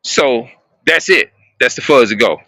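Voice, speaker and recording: Halting, rambling man with a bright voice. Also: mid-range voice, animated, no echo. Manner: halting, repeats and restarts phrases, searches for words. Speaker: streamer talking to viewers. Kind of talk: rambling casual monologue.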